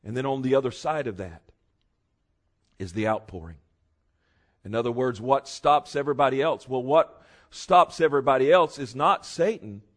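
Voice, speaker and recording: Male preacher, sermon delivery, anecdotal, builds to emphatic loud peaks. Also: mid-range voice, moderate pace.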